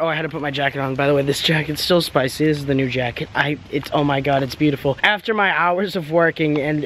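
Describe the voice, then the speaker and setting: A man's voice: fairly high pitch, fairly bright tone, slight background noise. A teenage guy vlogging in a rambling, joking, self-mocking way, filmed on a handheld camera. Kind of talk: casual vlog.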